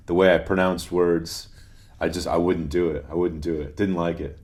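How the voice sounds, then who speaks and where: A man from New England, a podcast guest, telling his story in a relaxed way with frequent restarts and a softened New England Italian American accent. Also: low-pitched, moderate pace. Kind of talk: conversational interview.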